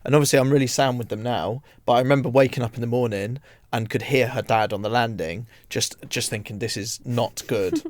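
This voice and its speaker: A British man, a radio host, telling an anecdote in relaxed studio banter. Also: mid-range voice, brisk, dry recording. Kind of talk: casual chat.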